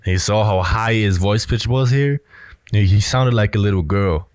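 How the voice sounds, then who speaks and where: A man's voice: on the low side, moderate pace, darkish tone, slight background noise. A man giving blunt, assertive casual commentary on a film clip, often filling with "you know". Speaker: body language commentator.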